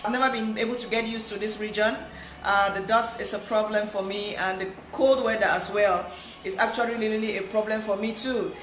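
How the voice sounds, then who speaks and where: A woman's voice: mid-range voice, fairly even intonation, a little fast. A woman hosting a live stream, greeting viewers by name in a chatty, repetitive way, her voice thick with a cold. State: nasal with a cold. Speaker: livestream host. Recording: echoey room with faint hiss.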